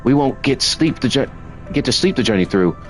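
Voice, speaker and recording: A man's voice: mid-range voice, expressive, brisk, faint music behind, pitched above the performer's own voice, lightly acted. A man voicing a thin, ragged young father who is eager and hopeful, in a made-up accent while reading game dialogue aloud.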